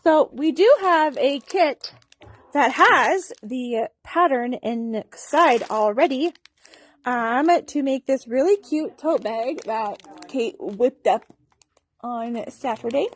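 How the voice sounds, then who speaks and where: A woman's voice: high-pitched, expressive, slow pace. A woman co-hosting a shop livestream, chatting in a friendly way and explaining product details. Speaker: co-host. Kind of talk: livestream product demo chat. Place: sewing shop studio.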